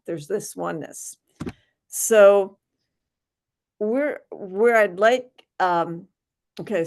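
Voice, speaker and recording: She is a woman with a Philadelphia accent facilitating a spiritual study group. Her delivery is slow and unhurried, sitting a bit low in pitch. She often pauses, restarts, and fills gaps softly while she finds the right words. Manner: hesitant, full of restarts and soft fillers. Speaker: workshop facilitator. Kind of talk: leading an online spiritual study session.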